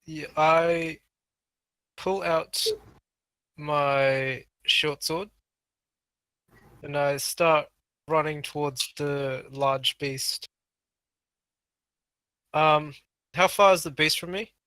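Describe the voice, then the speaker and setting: A man playing a tabletop game talks slowly and hesitantly, pausing often to think. His voice is higher than most men's and bright, and the sound is dry. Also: fairly even intonation, clear, resonant tone, dry recording, rough recording. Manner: hesitant, full of ums. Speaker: player.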